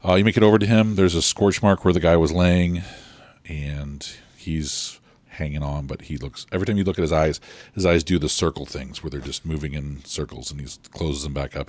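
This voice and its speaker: A man narrating a tabletop role-playing game as game master, describing scenes in a relaxed, loose way with many fillers. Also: very deep voice, fairly quick, no room sound.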